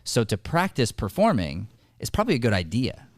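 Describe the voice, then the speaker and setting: A man's voice: mid-range voice, wildly swooping pitch, fairly quick, dry recording, clean studio sound. A man hosting an acting podcast, talking earnestly with emphatic restarts. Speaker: podcast host, acting coach. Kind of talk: casual podcast discussion.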